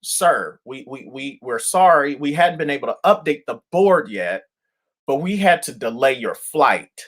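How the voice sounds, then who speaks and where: A man's voice: medium pitch, lively intonation, a little slow, fairly bright tone. A man voicing a weary, polite female airline gate agent who apologizes and soothes. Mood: soothing.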